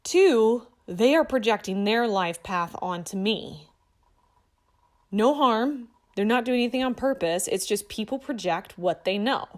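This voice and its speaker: A woman's voice: on the high side, expressive, measured pace. A woman in her thirties, a coach, telling a personal story to her viewers in an earnest, assertive way. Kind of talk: casual motivational talk to camera.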